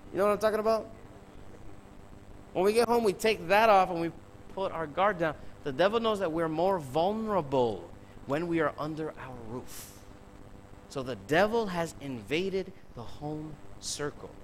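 Male preacher, sermon, emphatic, rhetorical questions, fairly high voice, faint hum. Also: animated, moderate pace, rough recording. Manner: emphatic, full of rhetorical questions, addresses the congregation directly.

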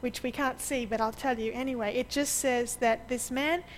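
A woman preaching a sermon, telling lively stories over slides and laughing often. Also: on the high side, moderate pace, a little hiss or hum, low-quality recording. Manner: lively anecdotal storyteller who laughs often.

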